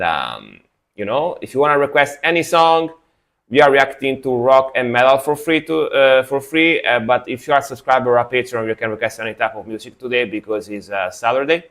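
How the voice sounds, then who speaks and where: A man's voice: medium pitch, fairly bright tone. A young man from Italy casually chatting to his live-stream audience, sleepy after a nap and rambling in a laid-back way. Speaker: streamer reacting to music.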